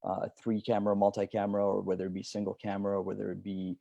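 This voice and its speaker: A man's voice: on the low side, completely flat delivery, fast talker, creaky, dark tone, no echo, muffled recording. A man, an acting teacher and department chair, speaking earnestly over a video call and explaining his craft with some fillers. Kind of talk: webinar presentation.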